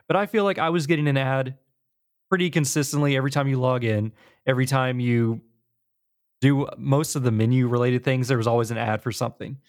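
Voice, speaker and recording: A man hosting a podcast in casual gaming chat, relaxed and laughing while he tells stories. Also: mid-range voice. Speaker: podcast host.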